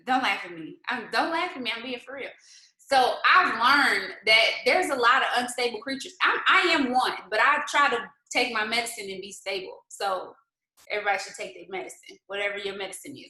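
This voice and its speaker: A woman with a high, bright, forceful voice hosts a casual live-stream pep talk from home, firing off rhetorical questions and blending faith-based encouragement with colloquial asides and plenty of laughter. As a motivational host, she sounds like she's in an echoey indoor room, and the recording quality is low.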